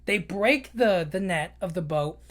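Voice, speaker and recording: Speaking with a high, somewhat bright voice, lively intonation, and a measured pace, a man hosts a podcast. His movie recap is casual and emotional, full of fillers like "you know."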